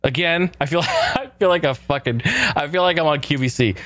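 A man's voice: medium pitch, fairly quick, dry recording. A male podcast host talking in a loose, joking style, his voice climbing and falling a lot. The sound is dry and close, with no room around it. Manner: animated, jokey, swears casually. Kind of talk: casual podcast chat.

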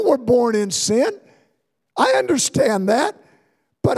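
An older man preaching a sermon as pastor, telling stories and building to fervent shouts. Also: extremely high pitch, very animated, takes it slowly, long pauses, husky. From Ohio, USA. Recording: long hall reverb.

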